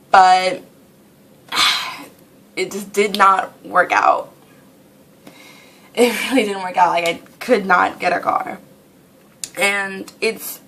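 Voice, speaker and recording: A woman's voice: medium pitch, a bit bright. A teenage girl ranting casually in a vlog, rambling and exasperated, often laughing. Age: teens. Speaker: vlogger.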